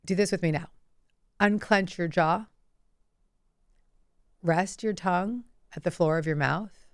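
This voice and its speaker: A woman teaching guided relaxation, coaching softly and slowly with breath cues. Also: fairly low pitch, no room sound, clean studio sound. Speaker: self-help teacher.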